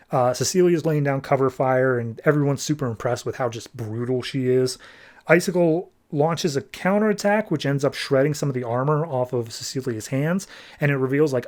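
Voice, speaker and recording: A man's voice: fairly high pitch, moderate pace, a little mellow. A young man hosting a podcast, recapping a comic book in a loose, chatty way and acting out characters' lines. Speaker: podcast host.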